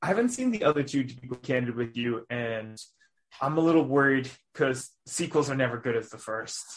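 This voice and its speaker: A man, a podcast guest who chats casually and jokes with animated storytelling. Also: medium pitch, a little fast. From Canada.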